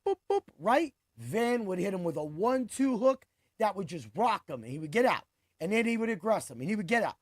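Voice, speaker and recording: A man in his forties hosting a sports podcast, talking through fight picks in a hyped, boastful way with quick bursts of emphasis. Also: very high voice, no echo, studio quality. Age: 40s. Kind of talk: casual sports commentary.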